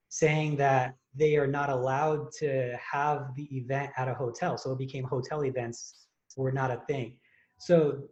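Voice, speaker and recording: A man hosting a fitness podcast, telling a story in casual, excited chat full of fillers and restarts. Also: fairly high pitch, lo-fi sound. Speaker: podcast host and contest prep coach.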